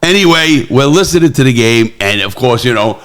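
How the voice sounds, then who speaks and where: Animated rambling middle-aged man. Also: medium pitch, brisk, over a noisy crowd. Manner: rambling storyteller, animated impressions. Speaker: podcast host. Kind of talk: casual chat.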